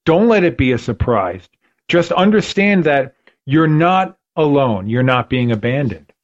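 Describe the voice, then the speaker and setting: A man's voice: medium pitch, sing-song, unhurried. Earnest preacherly man, dull lo-fi sound. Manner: earnest, preacherly emphasis with repetitions. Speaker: podcast host. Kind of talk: faith podcast conversation.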